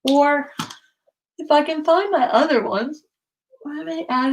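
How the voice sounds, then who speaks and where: A woman's voice: sits high, slow, long pauses, slight background noise. A middle-aged woman from Connecticut chatting casually and rambling through memories while she works on a craft journal during a livestream. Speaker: craft vlogger.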